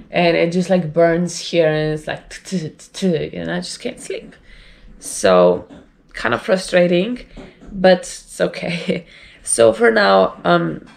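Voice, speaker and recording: A woman talks casually to her camera at home, rambling and chatty. Her voice is low and gravelly, rough and strained by a sore throat. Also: darkish tone. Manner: rambling, chatty, with light laughs. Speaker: vlogger.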